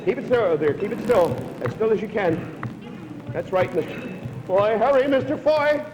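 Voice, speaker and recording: A man with a notably high voice hosts a live television game show. He keeps up a brisk, chatty patter, urging players on, with a faint hiss under the sound. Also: expressive, long reverb tail. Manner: brisk, chatty, coaxing contestants along.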